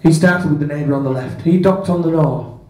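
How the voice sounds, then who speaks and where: A male comedian in a pub telling a bawdy fairy tale full of spoonerisms in a deadpan comic way. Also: fairly high pitch, brisk. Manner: deadpan comic narration with self-corrections. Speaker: stand-up comedian. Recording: echoey pub from far off.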